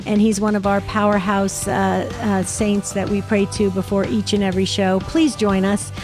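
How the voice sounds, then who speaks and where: A woman co-hosting a Catholic call-in radio show, telling stories in a chatty, rambling way with quick laughs. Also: medium pitch, level tone, music in the background.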